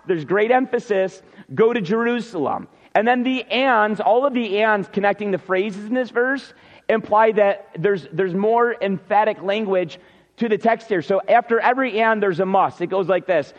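A man's voice: high-pitched, lively intonation, normal speed, long reverb tail. A man preaching a Sunday sermon, earnest and emphatic, repeating key words for stress. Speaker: pastor.

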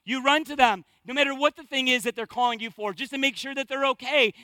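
A man in his thirties delivers a sermon in church with an unusually high, ringing voice. He is emphatic and drives points home by repeating phrases. The sound is close and dry. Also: quick pace, bright, forceful tone, no echo. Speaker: pastor.

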